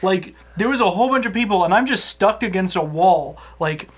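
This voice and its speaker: A podcast co-host trades stories in loose casual chat. The speech is full of "like" and quick restarts. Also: mid-range voice, expressive, slightly rough. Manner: fast, filler-heavy storytelling with many "like"s.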